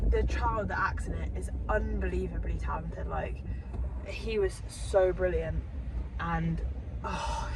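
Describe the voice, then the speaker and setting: A young woman vlogging from her car, rambling chattily and swearing casually. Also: mid-range voice. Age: young adult. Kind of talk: casual vlog chat. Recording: noisy car interior. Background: car and road noise.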